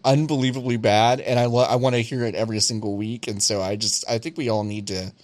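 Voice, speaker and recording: A man hosting a casual podcast chat, animated and swearing often. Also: medium pitch, fast, dry recording. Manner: animated, laughs loudly, swears. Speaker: podcast host.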